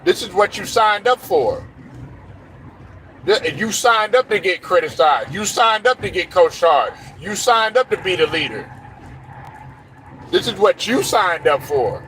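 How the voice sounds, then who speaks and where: A man's voice: sits high, lively intonation, a little slow, long pauses, a bit bright, a little hiss or hum, rough recording. Blunt, profane man ranting about sports. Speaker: sports commentary host. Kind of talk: opinionated sports rant.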